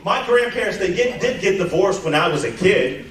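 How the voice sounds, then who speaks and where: A man doing stand-up in a theater, heard from far off in a very echoey hall with clear crowd noise. His voice sits high and he talks in a loud, animated way, shouting his punchlines. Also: normal speed, faint music behind. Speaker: stand-up comedian. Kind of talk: stand-up comedy set. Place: theater stage.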